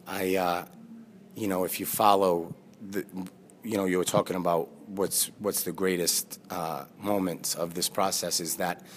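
Low-voiced man, earnest and halting. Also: fairly even intonation, slight background noise. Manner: earnest, halting with fillers and restarts. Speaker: guest, former pro basketball player. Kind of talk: conversational interview. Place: live studio with audience.

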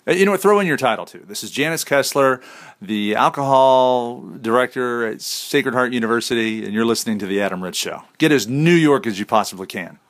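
A man's voice: mid-range voice, fairly quick, fairly bright tone. Joking male radio host. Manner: loose, joking, with fillers. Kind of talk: casual radio interview.

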